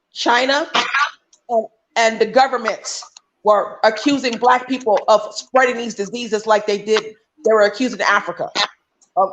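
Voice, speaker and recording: A woman's voice: on the high side, background noise. A woman talking on a livestream call as a guest, emphatic and often restarting her sentences. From United States. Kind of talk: casual chat.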